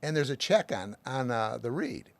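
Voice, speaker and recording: A man's voice: medium pitch, sing-song, moderate pace, gravelly, no room sound. A middle-aged man as an author and guest, explaining his method with plenty of everyday examples. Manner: emphatic, uses lots of everyday examples.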